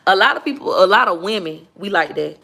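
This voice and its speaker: A woman's voice: medium pitch, brisk, creaky, slight background noise. A young woman, chatting candidly with viewers on a casual livestream and reading their comments. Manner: chatty, candid, animated when retelling.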